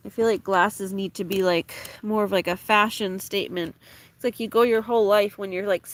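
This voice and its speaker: An American woman vlogging casually from a tent on a campsite at night, rambling with many fillers and slipping into high baby talk with her dog. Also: fairly even intonation, brisk. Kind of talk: casual chat to camera.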